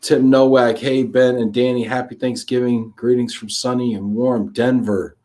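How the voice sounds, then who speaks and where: A man's voice: mid-range voice, fairly even intonation, moderate pace, a little mellow. A man hosting a live-streamed talk show, chatting casually and energetically on a video call, tossing in slang like "buddy" and "man".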